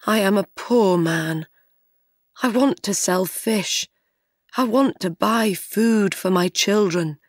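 A woman's voice: mid-range voice, takes it slowly, breathy edge, no echo, studio quality. A woman voicing a poor, frightened male fisherman in a storybook, plain and pleading.

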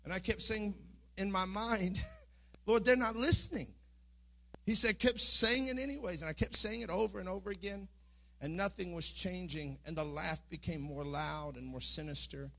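Pastor guy preaching, kinda high voice, earnest, gets real pleading and intense. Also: normal speed, creaky, fairly bright tone. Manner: earnest, rising to impassioned pleading. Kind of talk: sermon. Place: church sanctuary.

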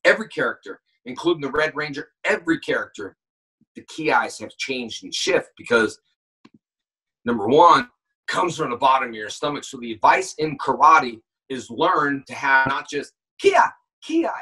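Animated man telling stories on a call, distant. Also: mid-range voice, moderate pace, slightly rough. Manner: animated storyteller, acts out shouts and quoted lines. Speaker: guest actor. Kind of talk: casual chat. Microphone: phone call.

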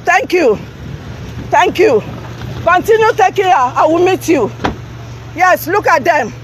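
A Nigerian woman live-streaming from her phone outdoors, shouting and confronting people, repeating herself urgently. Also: very high voice, expressive, unhurried, a little hiss or hum, rough recording. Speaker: livestreamer confronting officials. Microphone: phone held while live streaming.

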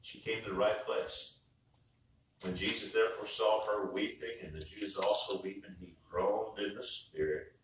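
Lower-voiced preacher in an echoey sanctuary. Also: male voice, steady tone, moderate pace, a little hiss or hum. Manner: conversational preaching with repeated word restarts. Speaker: pastor. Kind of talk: sermon. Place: church sanctuary. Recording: far-off mic in echoey church.

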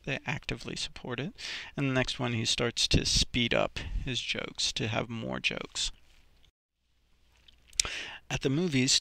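A man's voice: mid-range voice, creaky, pushed and bright, dry recording. A man teaching a recorded vocabulary lesson, explaining each example step by step with many ums and restarts.

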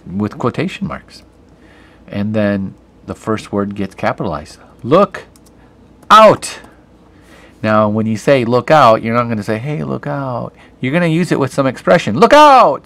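A man teaching an online grammar lesson, patiently explaining each step while he types. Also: lowish voice. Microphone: computer camera mic.

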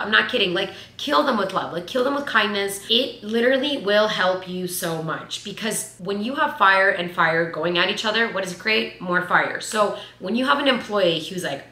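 A woman in her twenties giving casual life advice in a vlog, chatty and animated, with lots of "like". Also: mid-range voice, normal speed, hardly any pauses. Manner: chatty, animated, says "like" a lot. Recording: echoey room.

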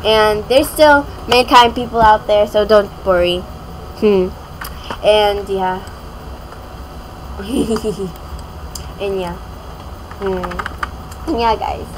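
Young woman, gaming vlogger, slow rambling commentary, giggly, noisy recording. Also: medium pitch. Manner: giggly, rambling, many "and yeah" fillers. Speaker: gaming YouTuber. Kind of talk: casual gameplay commentary.

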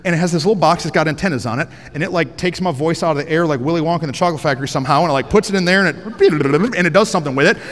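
A pastor preaching a sermon on a headset mic in a large church auditorium, energetic and joking, rising to shouts for emphasis. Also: male voice, fairly high pitch, very fast, hardly any pauses, big-room sound.

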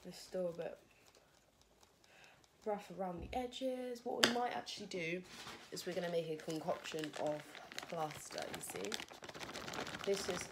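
A young woman studying fashion design talks casually in a lowish voice at a moderate pace, thinking aloud as she works on a craft project for her vlog. She often pokes fun at herself, and there's heavy noise in the background.

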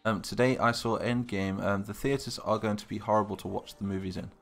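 A man's voice: on the low side, steady tone, a little fast, soft background music. A young British man live-streaming, chatting casually and thinking aloud while answering viewers' comments. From Britain.

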